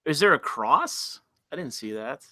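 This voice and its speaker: A man's voice: on the high side, very animated, unhurried, sharp tone, no room sound, studio quality. A man hosting a casual live stream, talking to chat in a profane, exasperated way and laughing often.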